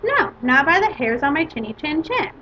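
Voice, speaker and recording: A woman's voice: sits high, sing-song, normal speed. A defiant little pig, as a woman reads him. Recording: dull lo-fi recording with faint hiss.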